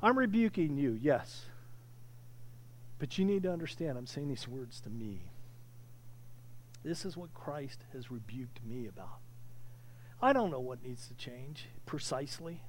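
A man preaching a sermon with impassioned delivery, often restarting phrases and building to loud peaks. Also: mid-range voice, expressive, a little slow, long pauses. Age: older. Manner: impassioned, rising to near shouting, with frequent restarts. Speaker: pastor.

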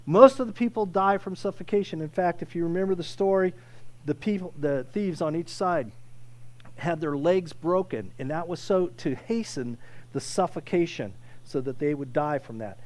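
A male pastor preaching conversationally, restarting phrases often and swelling loud to stress a point. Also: a little high, moderate pace. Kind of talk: sermon.

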